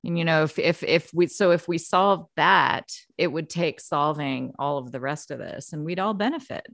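A woman hosting a podcast who talks reflectively in casual conversation and thinks out loud. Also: low voice, moderate pace, dry recording, studio quality. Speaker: podcast host.

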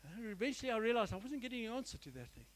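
A man preaches to his church, his voice sitting notably high for a man. He sounds earnest and emphatic, leaning into repeated phrases and addressing the congregation directly. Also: sing-song, racing, low-quality recording. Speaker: pastor. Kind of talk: sermon.

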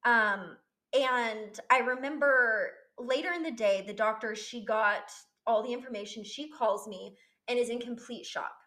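A woman's voice: fairly high pitch, measured pace, pushed and bright. Young woman vlogger with a raised voice, telling her story openly and emotionally, with blunt language. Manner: candid and emotional, swears freely. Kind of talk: personal storytelling.

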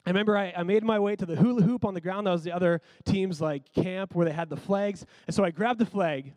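Man with a high voice, close and dry, for a chatty, animated sermon story. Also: quick pace, no room sound. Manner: animated, conversational, frequent "like".

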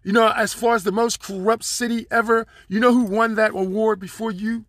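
A man's voice: high voice, fairly even intonation, brisk, a bit bright, no room sound, studio quality. A man from Pittsburgh hosting a solo podcast, talking in a rambling, streetwise, profane way with lots of fillers, speaking from his car. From Pittsburgh, USA. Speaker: podcast host.

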